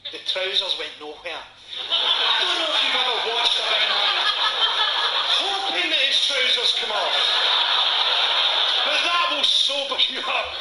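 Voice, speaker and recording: A Scottish man in his forties performs stand-up in a roomy venue, his voice pitched fairly high for a man. He delivers dark punchlines in a dry, sardonic way. An audience is clearly heard around him. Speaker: stand-up comedian. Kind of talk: stand-up comedy set. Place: comedy venue before a live audience. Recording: echoey venue with audience noise.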